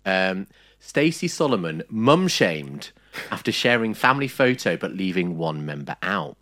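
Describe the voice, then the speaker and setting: A playful male podcast host with a very deep voice that swings widely in pitch. He chats loosely and reads headlines aloud with teasing asides. The sound is dry and close. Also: very animated, unhurried, a bit bright, dry recording. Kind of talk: casual chat.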